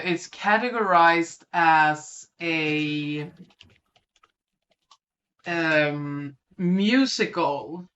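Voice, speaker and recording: A podcast co-host with a lisp, chatting casually about films and often pausing on ums. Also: mid-range voice, fairly bright tone, muffled recording. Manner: hesitant, lots of ums. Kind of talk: casual film chat.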